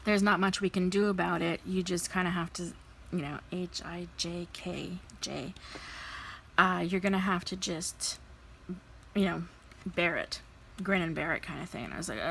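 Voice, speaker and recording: A woman in her thirties, a vlogger telling a personal story in a candid, animated way, acting out the people she quotes. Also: fairly low pitch, gravelly, slight background noise, rough recording. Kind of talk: casual storytelling while crafting.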